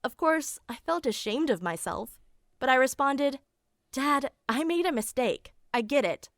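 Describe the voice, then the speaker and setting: A woman's voice: sits high, lively intonation, a little slow, fairly bright tone, no echo, full character voice. A woman voicing a matter-of-fact teenage girl. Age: young adult. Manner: plain storytelling, dry and matter-of-fact. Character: eighteen-year-old girl telling her own story. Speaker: animated story narrator. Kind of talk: scripted first-person narration.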